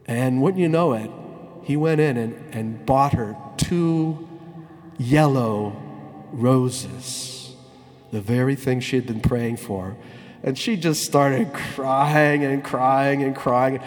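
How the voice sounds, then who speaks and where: A man, a priest, telling a story in a sermon, slowing down and stretching words to stress them. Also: mid-range voice, big-room sound, faint music behind. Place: church.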